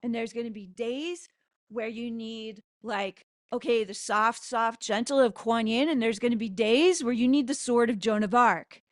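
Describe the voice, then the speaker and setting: A woman spiritual teacher giving an impassioned spoken prayer, loud and fervent into a close microphone, swearing for emphasis. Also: on the high side, normal speed, dry recording.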